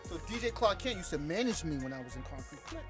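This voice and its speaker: A man chatting as a podcast guest, telling stories in an animated way and laughing as his voice jumps up when excited. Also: a little high, fast, over music. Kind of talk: animated storytelling chat.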